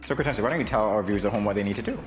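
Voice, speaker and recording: A man's voice: lowish voice, very fast, music in the background. A man co-hosting a morning show, joking and teasing his co-host in playful studio banter. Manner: jokey, teasing, laughs often. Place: television studio.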